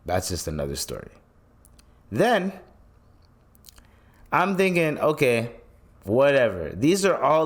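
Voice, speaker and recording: A man hosting a podcast, telling stories in a loose, profane rant and acting out the people he quotes. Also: on the low side. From Canada. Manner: animated storytelling, acts out quotes, swears freely. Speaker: podcast host. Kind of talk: casual commentary rant.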